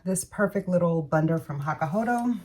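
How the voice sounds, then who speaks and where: A woman's voice: fairly low pitch, expressive, a little fast, recorded from a distance, background noise. A woman beauty vlogger talking casually through her makeup routine, rambling and correcting herself with murmured asides. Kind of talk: casual makeup tutorial chat.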